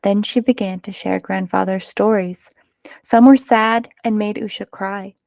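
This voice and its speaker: A woman reading a children's picture book aloud, narrating in an expressive, measured way. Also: medium pitch, gravelly, no echo. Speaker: storyteller.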